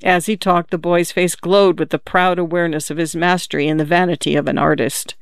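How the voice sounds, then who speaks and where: A man's voice: fairly high pitch, little pitch movement, fairly quick, gravelly, smooth, dry recording, clean studio sound. A man narrating a classic story aloud, reading steadily and giving the characters light voices. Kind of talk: audiobook reading of classic fiction.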